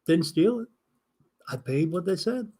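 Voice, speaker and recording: An older man, a spirit medium hosting a live stream, telling a casual anecdote in an animated way, acting out the dialogue and swearing now and then. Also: high voice, a little slow, husky.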